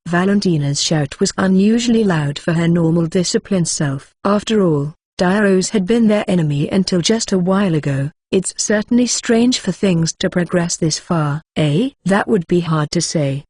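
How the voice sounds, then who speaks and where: Computer-voiced woman narrating a novel, flat mechanical reading, low-ish and breathy, dry close sound. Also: no room sound. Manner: flat text-to-speech reading, reads punctuation aloud. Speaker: audiobook narrator. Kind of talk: scripted narration.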